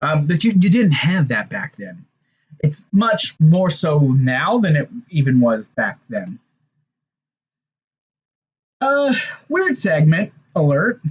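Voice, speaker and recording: A man's voice: on the high side, very animated, takes it slowly, long pauses, slightly rough. Rambling man recapping wrestling, lo-fi sound. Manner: rambling, conversational, with fillers and restarts. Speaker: wrestling show reviewer. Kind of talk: casual recap and commentary.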